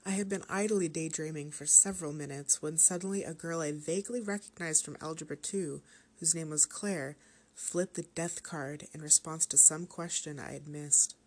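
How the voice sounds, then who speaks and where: This horror story is read by a woman whose voice is distinctly low. Her narration stays even and measured as she leads the listener through the tale, never losing its calm.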